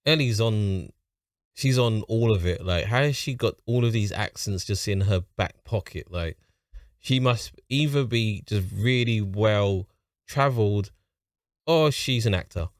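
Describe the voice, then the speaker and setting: A man's voice: lowish voice, unhurried, no echo, clean studio sound. A man with a London accent, hosting a reaction video and commenting casually, chatty and thinking aloud. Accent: London English.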